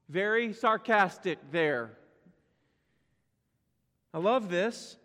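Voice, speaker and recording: High-voiced pastor preaching in a reverberant church. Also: male voice, lively intonation, takes it slowly, long pauses, a bit bright. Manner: conversational preaching with playful asides. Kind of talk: sermon. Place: church sanctuary. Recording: long reverb of a church hall.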